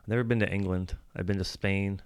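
A man's voice: deep voice, steady tone, fast, smooth, dry recording. A man hosting a casual podcast chat, joking loosely, swearing and laughing often into a close mic. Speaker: podcast host.

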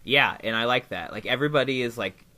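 A man's voice: medium pitch, quick pace, bright, forceful tone. Laughing, easygoing male podcast co-host. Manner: laughs often, hesitant with fillers and likes. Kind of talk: casual chat recapping a TV episode.

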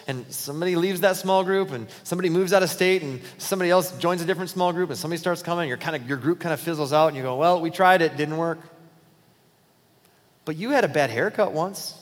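A man's voice: sits high, big-room sound. A man preaching a sermon as pastor, in a conversational way, acting out short everyday dialogues. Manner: conversational, acts out quick dialogues in his talk. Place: church auditorium.

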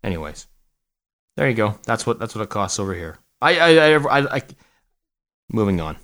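Podcast co-host, man, middle-aged, low voice, rambling and joking. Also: sing-song, moderate pace, a bit bright. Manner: rambling, joking, many restarts. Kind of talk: casual chat.

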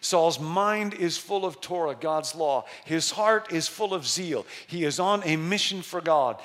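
Emphatic preaching man, slightly high voice. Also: animated, a bit bright. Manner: storytelling, emphatic, slows down for stress. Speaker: pastor. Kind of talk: sermon.

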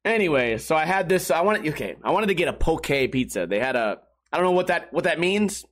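A man's voice: on the high side, sing-song, a little fast. A young man livestreaming, chatting casually to viewers, swearing a lot and laughing at his own jokes. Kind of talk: casual rambling chat to stream viewers.

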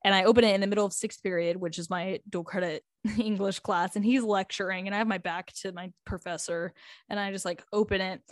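A woman's voice: medium pitch, fairly even intonation, a little fast, no echo. Chatty eighteen-year-old girl, dry close sound. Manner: chatty, lots of "like" and "um", laughs often. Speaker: high school student. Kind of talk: casual storytime vlog.

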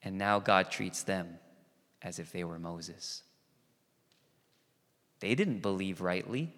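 A man preaching a sermon as pastor, animated and conversational, acting out quoted voices and asides. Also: low voice, slow. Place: church sanctuary. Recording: long reverb of a church hall.

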